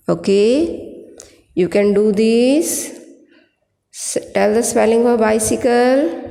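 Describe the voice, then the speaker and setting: A woman teacher with an Indian English accent, giving a slow spelling lesson and spelling words out letter by letter. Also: on the high side, vocal fry, warm tone. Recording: echoey room with long reverb.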